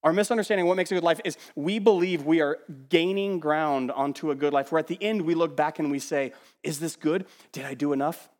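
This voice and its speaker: Animated preacher with a high-ish voice. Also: male voice, a little fast, hardly any pauses, big-room sound. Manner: animated preaching with sudden drops to quiet asides; emphatic, repeats words while building a point. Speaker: pastor. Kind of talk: sermon.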